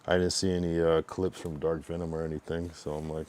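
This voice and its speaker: Laid-back deep-voiced man streaming. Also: level tone, a little fast, hardly any pauses, a little mellow, slight background noise. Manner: laid-back, rambling, heavy use of fillers and swearing. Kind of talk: casual live-stream chat.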